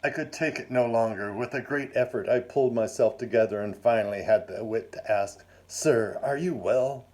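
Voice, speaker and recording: A man narrates a first-person tale in a low, mellow voice. His delivery is measured and formal, with a dry wry edge to it. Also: steady tone. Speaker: narrator reading his story.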